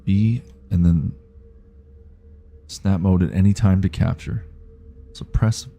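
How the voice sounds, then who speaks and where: A man's voice: low-pitched, takes it slowly, gravelly, mellow, soft background music. A man with a Canadian accent streaming a game, chatting and thinking aloud as he reads on-screen prompts. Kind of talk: live gameplay commentary.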